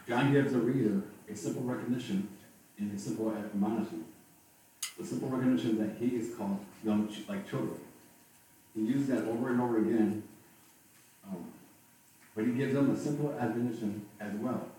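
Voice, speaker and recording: A man preaching a sermon as pastor, speaking haltingly and often restarting and repeating his words. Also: medium pitch, warm tone. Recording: very echoey, from far off, faint noise.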